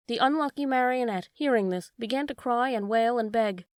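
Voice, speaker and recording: Woman calmly narrating a fairy tale. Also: fairly high pitch, a little fast, few pauses, clean tone, no room sound, studio quality. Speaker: storybook reader.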